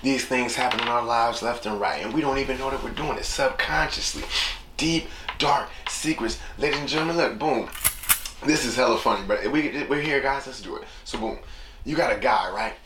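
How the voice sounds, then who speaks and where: A man's voice: medium pitch, normal speed. Male host, casual slangy monologue, echoey noisy room. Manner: slangy, rambling, acts out quotes. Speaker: podcast host. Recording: echoey room with steady noise.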